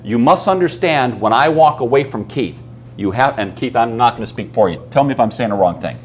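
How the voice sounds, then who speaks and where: A man leads a coaching seminar in an emphatic, hands-on way. He keeps asking the audience questions and acts out anecdotes as he goes. His voice sits in a middle pitch, with a faint hum in the background. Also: lively intonation, a little fast. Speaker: business coaching speaker. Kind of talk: live seminar talk to an audience.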